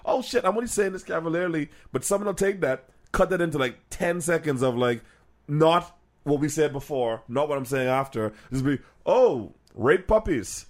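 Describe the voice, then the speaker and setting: A man co-hosting a podcast in loose, animated chat. He laughs easily and jumps into voices to act out what other people said. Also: a little high, brisk. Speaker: podcast co-host.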